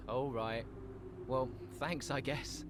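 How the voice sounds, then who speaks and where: A laid-back young racing driver. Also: male voice, medium pitch, steady tone, drawn-out words, noisy background.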